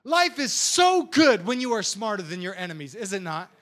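A young adult man preaching as a youth pastor, telling stories in a lively, animated way. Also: high voice, moderate pace. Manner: animated storytelling with sound effects and acted voices.

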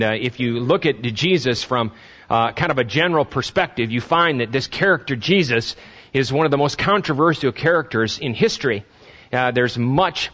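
A man preaching a sermon to a congregation, earnest and halting, with many fillers, building to emphatic questions. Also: mid-range voice, fairly bright tone, dull audio. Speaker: pastor.

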